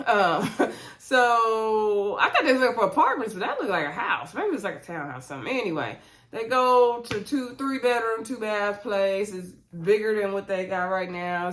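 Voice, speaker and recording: A woman's voice: on the low side, fairly bright tone. A woman giving a casual, opinionated recap of a reality show, chatty, with slangy asides to her viewers.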